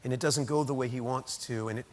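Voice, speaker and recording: A man's voice: mid-range voice, steady tone, fast talker, darkish tone. A middle-aged American man, an actor guest telling anecdotes in a chatty way, full of asides and repeated words. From United States. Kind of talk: animated anecdote telling in an interview.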